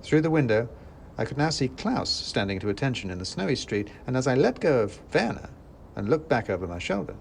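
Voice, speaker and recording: A man's voice: mid-range voice, vocal fry, a little hiss or hum. A man narrating a scripted first-person story in a dry, wry manner. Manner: dry and wry, with lively acted quotes.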